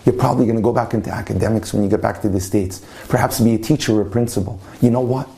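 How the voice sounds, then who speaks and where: A man voicing a stern, unforgiving older male yeshiva dean in a told story, scolding and indignant in a warm, mellow voice. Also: on the low side, steady tone, very fast, vocal fry.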